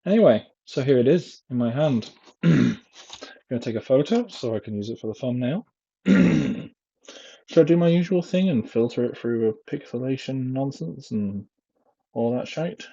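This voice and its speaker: A man's voice: medium pitch, expressive, unhurried, vocal fry, dark tone, breathy edge, dry recording. A young man vlogging casually from home into a headset mic, rambling with lots of fillers and self-deprecating asides. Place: home, indoors. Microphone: headset microphone. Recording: dull lo-fi headset mic, clipping.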